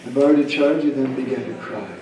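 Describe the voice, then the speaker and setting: A man's voice: medium pitch, brisk, warm tone. A man at a devotional camp telling a story and acting out its characters. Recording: echoey hall, speaker far from mic.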